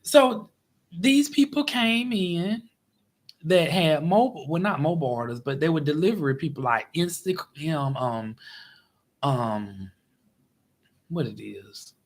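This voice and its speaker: A man's voice: measured pace, pauses often. Man animatedly telling a story. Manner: animated, exasperated retelling with big pitch swings. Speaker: vlogger. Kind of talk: casual storytelling.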